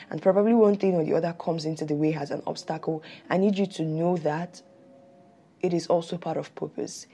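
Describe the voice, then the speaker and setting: A woman hosting a podcast who gives an earnest, encouraging faith talk. She talks quickly and stumbles over her words at times. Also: deep voice, steady tone, dark tone, breathy edge. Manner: talks fast and stammers at times; earnest, encouraging, a little nervous. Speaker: podcast host.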